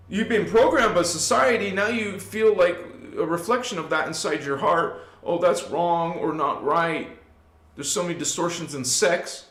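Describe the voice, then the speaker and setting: A man with a fairly high voice gives a live spiritual talk to his viewers. He preaches with emphasis and speaks straight to his audience, dropping low and then rising loud. The room around him rings with echo. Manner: emphatic, swings from hushed to loud; preachy, addresses listeners directly. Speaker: spiritual channel host.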